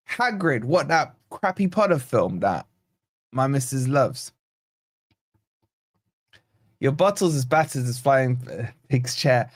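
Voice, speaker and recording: A man from Scotland hosting a live football watch-along, animated and nervous, reading out chat messages and gifts. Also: medium pitch, takes it slowly, long pauses. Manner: animated, excitable, reads chat aloud. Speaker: fan channel host.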